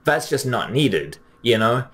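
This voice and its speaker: A young man giving casual, chatty commentary, often pausing with fillers and restarting his sentences. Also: mid-range voice, sing-song, fairly bright tone. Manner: chatty, frequent fillers, restarts, reads quotes plainly. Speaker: anime commentary host. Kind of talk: casual commentary comparing dub lines.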